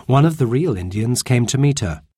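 A man reading a children's storybook aloud in a slow, lively narration. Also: medium pitch, slightly rough, no echo, clean studio sound.

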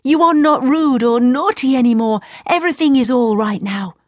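A woman voicing an earnest, loving little girl in a storybook reading, high and eager. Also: normal speed, no echo, studio quality, lightly acted.

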